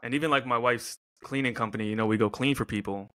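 Bright-voiced man hosting a podcast. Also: mid-range voice, steady tone. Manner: joking, chiming in with quick reactions. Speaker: podcast host. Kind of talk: casual chat.

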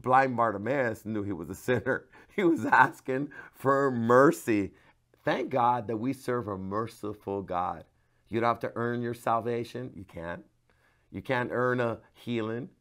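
A middle-aged male pastor delivers a devotional sermon straight to the viewer. His mid-range voice drops to near whispers for emphasis, then climbs into loud, pleading cries. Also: mid-range voice. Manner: passionate, swings from hushed to loud cries when quoting.

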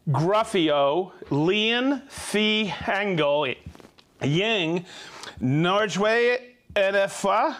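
High-voiced upbeat man reading shout-outs. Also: sing-song, slow pace, a little hiss or hum. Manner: upbeat, joking, trips over hard names. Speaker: host of a live tool stream.

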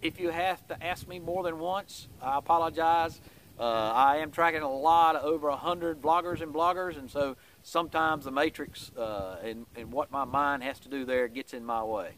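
A man's voice: a little high, moderate pace, hardly any pauses, a bit bright, slight background noise. A man giving a casual weekly vlog update in a folksy, rambling way, with many "uh" fillers.

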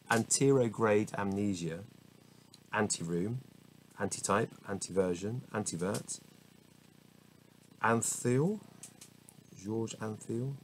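A man with a fairly low voice works his way through a list of hard words in a casual, unscripted read. He trips on the harder ones and corrects himself with wry little asides. A faint hiss sits under the home recording. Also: slow, pauses often, low-quality recording. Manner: stumbles over hard words, self-corrects, laughs at himself. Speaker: host reading the dictionary aloud. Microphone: small camera mic.

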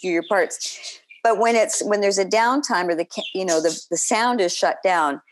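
A woman actor chatting as a podcast guest, telling stories in an animated way with laughing asides. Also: medium pitch, moderate pace, slight background noise. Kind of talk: casual interview chat.

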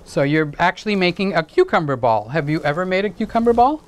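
Male home-cook host, chatty and jokey, voice leaping up and down in pitch. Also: fairly quick, few pauses, low-quality recording. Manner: playful, chatty, joking asides to viewers; swoops into high excited exclamations. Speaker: home cooking channel host. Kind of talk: casual cooking demonstration to camera.

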